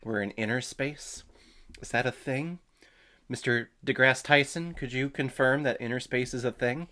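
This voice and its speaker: A man's voice: medium pitch, normal speed, pushed and bright. A man hosting a comedic movie watch-along, making irreverent jokes and swearing. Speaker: host.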